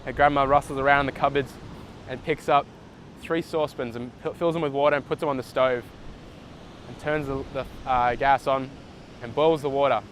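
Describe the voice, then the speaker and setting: A man's voice: mid-range voice, fairly even intonation, a little fast, fairly bright tone, poor audio. Earnest, encouraging male motivational speaker, recorded outdoors with faint traffic behind. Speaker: motivational vlogger. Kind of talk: motivational storytelling. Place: outdoors in the sun near water.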